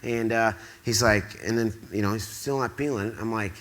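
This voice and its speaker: A man's voice: mid-range voice, normal speed, hardly any pauses. A man from the Quad Cities telling a rambling story on a theatre stage, acting out the dialogue as he goes. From Quad Cities, US Midwest. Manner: excitable, rambling, acts out quoted dialogue. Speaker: speaker at an awards event. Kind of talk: storytelling to a live audience.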